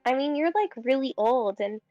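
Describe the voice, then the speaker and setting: A woman's voice: sits high, animated, moderate pace, mellow, dry recording, lo-fi sound, faint music behind. A young woman playing a tabletop game, chatting in a rambling way full of fillers. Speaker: player. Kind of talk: casual tabletop role-play.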